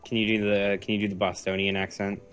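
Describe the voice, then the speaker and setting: A man's voice: fairly low pitch, completely flat delivery, quick pace, fairly bright tone. Nasal young New England man, gaming guest, giggly, self-deprecating, faint game music behind. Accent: New England American. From New England, United States. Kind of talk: casual gaming chat.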